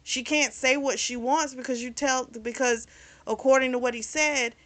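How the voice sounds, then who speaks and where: A woman's voice: on the high side, moderate pace, fairly bright tone. A woman host recapping and reviewing a novel in a casual, candid, chatty way, with frank opinions. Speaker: book review channel host.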